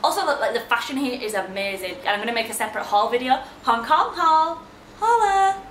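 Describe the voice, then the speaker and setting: A woman's voice: on the high side, racing, fairly bright tone, slight background noise. Bubbly young woman, roomy echo. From England. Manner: chatty and bubbly, full of fillers and exclamations. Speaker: vlogger. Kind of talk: casual chat to camera.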